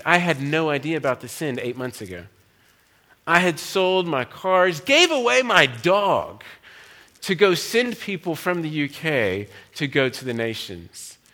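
Guest preacher, male, bright and slightly high voice, earnest and pressing with his questions. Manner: earnest, challenging, asks the crowd many questions. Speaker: guest speaker. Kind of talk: sermon.

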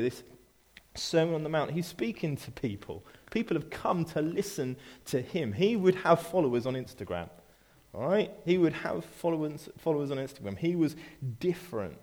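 A man's voice: mid-range voice, a little mellow. A man delivering a sermon to his congregation in an easygoing, conversational way. He restarts phrases, repeats words, and drops playful asides to people in the room. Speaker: pastor. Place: church.

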